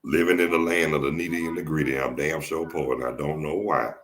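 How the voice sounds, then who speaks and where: A man with a deep voice and a Southern US accent, hosting a casual podcast chat and telling jokey stories, often restarting his phrases. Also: fairly even intonation, a little fast, a bit bright. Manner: joking storyteller, repeats and restarts phrases. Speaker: podcast host.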